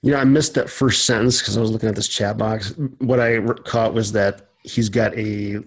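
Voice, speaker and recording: A man's voice: lowish voice, steady tone, normal speed, poor audio. A man talking as a podcast guest in casual conversation, hesitant and full of fillers.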